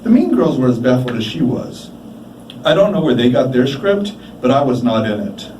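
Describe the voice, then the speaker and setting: A man reading his prose live in a bar, measured and deliberate, pausing for effect, his voice animated and rising and falling widely. His tone is mellow and dark, picked up by a distant mic in a roomy space with faint ambience behind. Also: medium pitch, slight background noise. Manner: measured, deliberate delivery with dramatic pauses. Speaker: writer reading his work. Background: faint room ambience.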